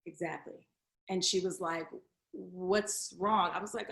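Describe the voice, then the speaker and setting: Animated woman telling a story, roomy sound. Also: on the low side, unhurried. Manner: animated, acts out quoted voices, swings between hushed and loud. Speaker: guest comedian. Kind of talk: candid storytelling chat.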